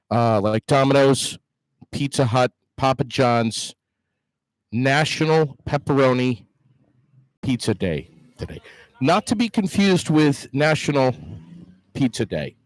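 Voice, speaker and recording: A man's voice: mid-range voice, no echo. A man hosting a live broadcast outside a movie theater, chatty and upbeat, with frequent fillers and restarts, speaking into a handheld microphone. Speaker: host. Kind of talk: casual live outdoor broadcast.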